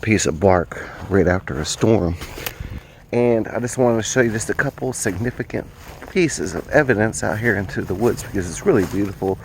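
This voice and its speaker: A lower-pitched man rambles and muses as he walks through the woods. He talks to a handheld camera, and a faint outdoor hum sits behind him. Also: animated, moderate pace, creaky, darkish tone. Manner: rambling, musing. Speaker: vlogger. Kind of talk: casual outdoor vlog.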